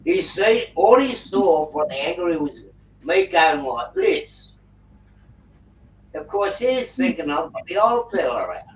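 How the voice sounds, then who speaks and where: A man, hosting a casual video call and telling a prank story in an animated way. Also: high voice, measured pace. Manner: animated yarn-spinner, prankster humor. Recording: roomy, distant mic with faint noise.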